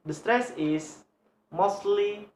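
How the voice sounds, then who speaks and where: A young woman with an Indonesian accent, a student presenting a lesson on English word stress, halting and repeating example words over and over. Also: mid-range voice, darkish tone, a little hiss or hum. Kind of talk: slow read-aloud lesson on word stress. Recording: echoey room.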